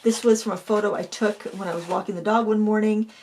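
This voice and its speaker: A woman's voice: mid-range voice, steady tone, fast, darkish tone, a little hiss or hum. A middle-aged woman hosting an art channel, chatting casually as she pages through a sketchbook, with fillers and self-corrections.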